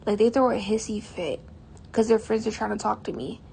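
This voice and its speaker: A woman's voice: mid-range voice, steady tone, fairly quick, gravelly, a little mellow, slight background noise. A teenage girl telling a story to camera in a casual vlog, chatty and exasperated, with lots of "like". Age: teens. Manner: chatty, exasperated, heavy use of "like". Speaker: vlogger.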